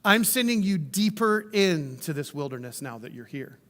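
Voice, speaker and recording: A man voicing a calm, patient divine voice. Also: fairly high pitch, moderate pace, long reverb tail, voice pushed down. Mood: gentle.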